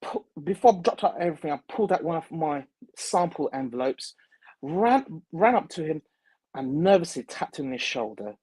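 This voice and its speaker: A man, a perfumer, telling a story in an interview, halting with many fillers and restarts. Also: a little high, sing-song, darkish tone, breathy edge, no echo, low-quality recording.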